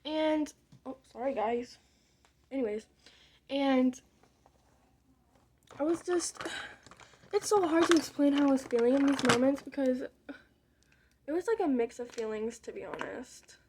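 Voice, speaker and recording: A woman's voice: high-pitched, a little slow, pauses often, darkish tone, slight background noise. A young woman telling a rambling, candid story in casual vlog style while doing her makeup, with muttered side remarks. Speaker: vlogger.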